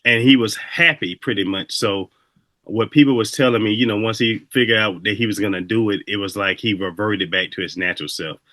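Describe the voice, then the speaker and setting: Low-voiced man hosting a laid-back chat. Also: steady tone, a little fast, bright, forceful tone, dry recording. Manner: laid-back, reflective, talks in loose run-on stories. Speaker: podcast host. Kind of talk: casual interview chat.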